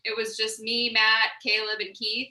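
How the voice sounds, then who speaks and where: A woman's voice: fairly high pitch, monotone, normal speed, bright, forceful tone, echoey room, low-quality recording. A woman who trains animals, chatting in a cheerful, easygoing way. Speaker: bird trainer guest. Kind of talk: casual chat.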